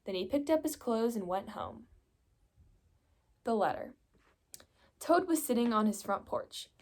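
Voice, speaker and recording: A young woman reading a children's picture book aloud, telling the story in a steady, gentle way. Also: on the high side, a little slow. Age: young adult. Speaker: reader.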